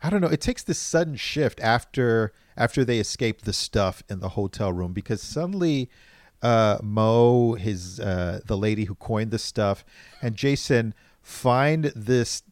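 A man's voice: fairly low pitch, lively intonation, a little slow, darkish tone, no room sound. A man chatting casually about a movie, hesitant at times and acting out characters' lines. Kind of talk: casual movie review chat.

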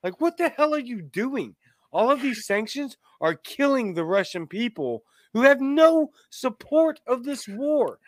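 A man's voice: very high-pitched, sing-song, measured pace, dry recording. A man from Louisiana hosting a podcast, talking politics in an emphatic, exasperated way. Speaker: podcast host. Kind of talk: casual political talk.

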